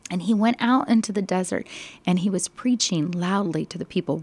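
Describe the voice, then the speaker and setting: A woman telling a Bible story, expressive, slow and emphatic. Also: on the low side, no echo.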